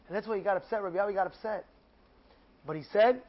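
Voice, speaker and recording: A man teaching as a rabbi, telling a story with lively emphasis and frequent repetition. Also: high-pitched, quick pace, long pauses, lo-fi sound. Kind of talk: storytelling Torah lesson.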